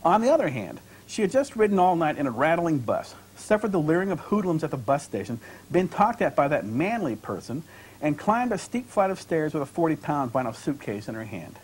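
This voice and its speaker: A man, an author and creative writing professor, reading from his novel in a measured, expressive storytelling manner. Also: a little high, breathy edge, rough recording. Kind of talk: literary reading.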